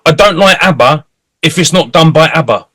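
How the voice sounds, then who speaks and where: A man's voice: a little high, lively intonation, moderate pace, a bit bright, slightly rough, no echo. A man hosting a casual interview, enthusiastic and matey, often jumping in with reactions. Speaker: host.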